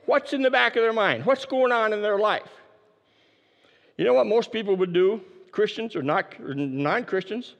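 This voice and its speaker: A man preaching a sermon, emphatic and repeating his key phrases, dropping his voice low to stress a point. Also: expressive, normal speed, gravelly, fairly bright tone, big-room sound. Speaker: pastor.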